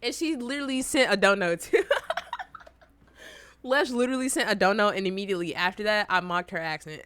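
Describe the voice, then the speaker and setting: A young woman, chatting casually as she reacts to a video and her chat, teasing and swinging between loud outbursts and low mutters. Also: very animated, moderate pace, pauses often, dry recording.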